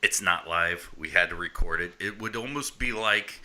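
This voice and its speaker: A man's voice: low voice, moderate pace, sharp tone. A man hosting a wrestling podcast in casual chat, upbeat and plugging the show. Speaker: podcast host.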